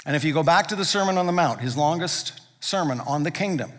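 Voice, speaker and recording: Talking fast in a slightly high, somewhat bright and animated voice, a male pastor delivers a church sermon. He keeps it conversational but hammers points with emphatic repetition, and the big hall gives a long reverb.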